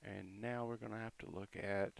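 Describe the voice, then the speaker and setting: A man gives casual, chatty commentary over crypto price charts, reading out support and resistance levels with quick asides. His voice is lowish, creaky, and steady in tone.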